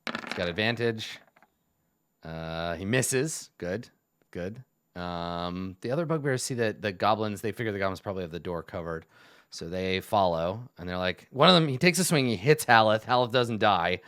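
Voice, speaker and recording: A man narrating as game master in an online tabletop game, relaxed and chuckling, with plenty of uhs and ums. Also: lowish voice, moderate pace, clear, resonant tone, no echo, clean studio sound. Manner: relaxed, laughing, many fillers.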